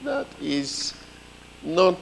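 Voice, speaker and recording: A man preaching a sermon, telling a story with lively comic voices. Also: a little high, drawn-out words, vocal fry, long reverb tail, a little hiss or hum, rough recording.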